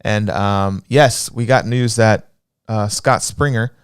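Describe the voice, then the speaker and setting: A man's voice: fairly low pitch, slow pace, clear, resonant tone, dry recording. Joking Texan man, dry close voice. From Texas. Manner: joking, animated storyteller. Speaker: livestream co-host. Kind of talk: casual livestream chat.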